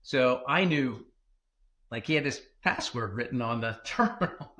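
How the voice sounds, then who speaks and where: A man who is a former tech executive, telling a story as a podcast guest in an animated way, with fillers and self-corrections. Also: medium pitch, moderate pace.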